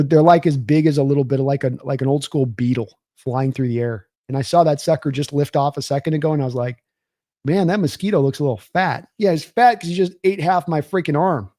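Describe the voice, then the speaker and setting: Young male sports streamer, casual rambling chat, dark mellow voice, mid pitch. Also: no echo, studio quality. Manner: rambling, thanks viewers by name, reads chat aloud. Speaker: sports livestream host. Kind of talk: casual live-stream football talk.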